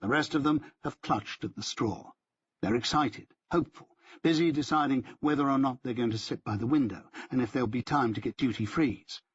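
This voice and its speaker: A man's voice: mid-range voice, fairly quick, slightly rough, muffled recording. A man narrating a first-person audiobook in a dry, wry storytelling manner.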